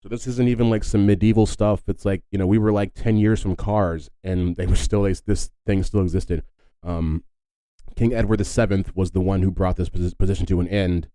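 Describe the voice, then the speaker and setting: Man, podcast host, very low voice, dry close sound, casual rambling, filler-heavy, wry asides. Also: steady tone, fairly quick, warm tone, dry recording, rough recording. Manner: rambling and filler-heavy, often adds "if you will". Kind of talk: casual solo podcast talk.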